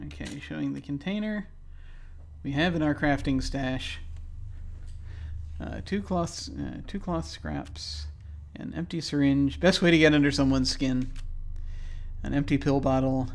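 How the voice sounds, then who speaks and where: A man casually talking through a video game, with low-key, mumbled asides. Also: a little slow, gravelly. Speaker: gameplay commentator. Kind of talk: casual let's play commentary.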